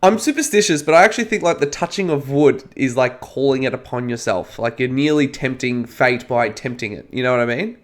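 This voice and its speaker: Upbeat Australian podcast host. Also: male voice, medium pitch, a little fast, hardly any pauses. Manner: lively, laughing, self-mocking. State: groggy from hay fever tablets. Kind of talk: casual chat.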